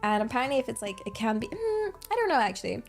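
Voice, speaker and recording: A young woman from England with an English accent, chatting casually on a livestream in a bubbly, excitable and giggly way. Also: fairly high pitch, quick pace, vocal fry, faint music behind. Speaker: streamer.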